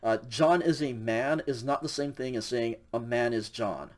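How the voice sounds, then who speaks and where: Casual male lecturer with lots of fillers. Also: medium pitch. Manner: casual, many fillers like um and okay; spells out examples slowly and stresses key words. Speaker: university Greek instructor. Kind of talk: recorded lecture.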